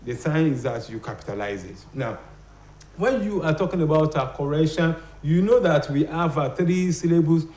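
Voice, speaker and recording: Hesitant teacher in roomy studio. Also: male voice, on the high side, lively intonation, moderate pace, darkish tone, a little hiss or hum. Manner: hesitant, many fillers, rhetorical "what?" questions. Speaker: phonology teacher on a TV show. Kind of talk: live broadcast lesson.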